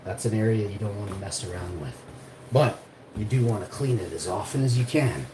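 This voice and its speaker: A Canadian man chats and grumbles at length while making food at home, rambling and sure of himself. His voice sits back from the camera mic in an echoey room. A steady hiss of household noise runs underneath. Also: lowish voice, brisk, recorded from a distance. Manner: rambling, complaining, self-assured. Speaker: streamer. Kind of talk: casual kitchen vlog talk. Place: home kitchen, cooking.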